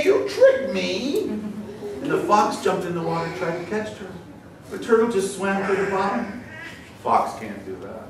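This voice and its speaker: A man telling a folktale to children at a school, playful and animated, often laughing. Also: sits high. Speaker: storyteller and musician. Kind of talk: storytelling to children. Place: school hall. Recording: echoey hall from far off, noisy.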